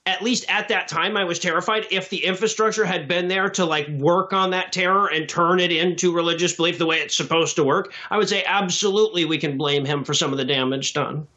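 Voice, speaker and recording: Podcast guest, male, bright tense voice, self-deprecating ramble. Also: high-pitched, brisk, hardly any pauses. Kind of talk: casual podcast chat.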